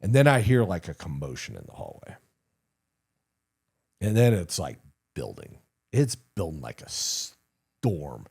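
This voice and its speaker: Man, middle-aged, retired soldier, low voice, lively intonation, casual profane storytelling. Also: a little slow, gravelly, long pauses, slightly rough. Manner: animated, profane, full of "like" and "you know". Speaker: retired army sergeant major, podcast guest.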